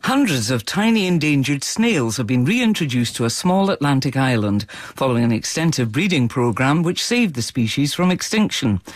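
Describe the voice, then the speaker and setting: A male newsreader delivering a scripted radio bulletin in a measured, formal way. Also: mid-range voice, very animated, no room sound.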